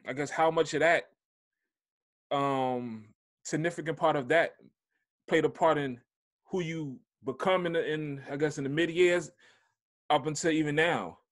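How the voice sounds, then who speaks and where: A man interviewing a guest, asking questions in a halting way full of fillers. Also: on the high side. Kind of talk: casual interview.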